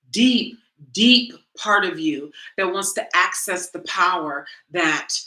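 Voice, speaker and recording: A woman coach giving a lively motivational talk to a group, addressing them directly in a conversational way. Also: mid-range voice, roomy sound. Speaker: women's coach and teacher.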